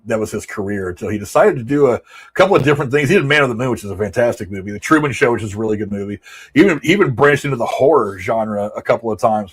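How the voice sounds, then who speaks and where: A man's voice: medium pitch, breathy edge. A man in his forties hosting a casual movie commentary show, rambling offhand and reacting to quotes he reads aloud. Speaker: show host.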